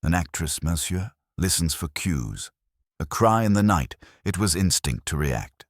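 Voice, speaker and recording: A man reading a poised, theatrical actress in a husky voice. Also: deep voice, very animated, unhurried, no echo, studio quality, heavily acted. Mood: languid. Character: poised aloof actress woman.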